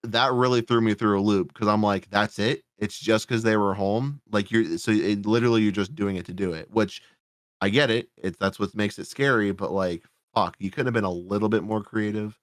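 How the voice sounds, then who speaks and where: A man's voice: lowish voice, normal speed, dry recording, studio quality. A man hosting a podcast, reviewing a horror movie in a casual, sarcastic, rambling way, swearing often. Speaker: podcast host.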